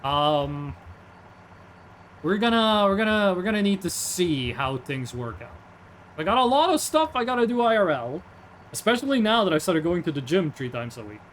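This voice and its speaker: A young man streams a game and chats in a rambling way, reading the chat aloud and making jokey asides. His high, a bit bright voice has a sing-song quality, swinging widely in pitch at a moderate pace, and a faint hum lingers behind him.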